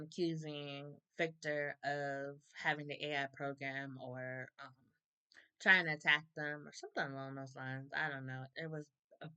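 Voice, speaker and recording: A woman's voice: low voice, pushed and bright, smooth, low-quality recording. A woman giving a casual, opinionated episode recap, laughing often and acting out characters' lines. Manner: chatty, opinionated, laughs often, acts out quotes. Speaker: soap opera reviewer.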